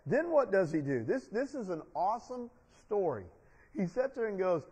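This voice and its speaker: A man's voice: sits high, big pitch swings, moderate pace, darkish tone, slightly rough, long reverb tail. A man preaching a sermon as pastor, calling out to the congregation for responses as he retells a Bible story. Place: church sanctuary.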